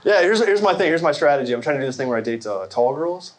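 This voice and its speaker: A man in his forties does stand-up before a live crowd in a large hall. His voice is fairly high and fast, and he is lively and wry as he talks to the audience over heavy background noise.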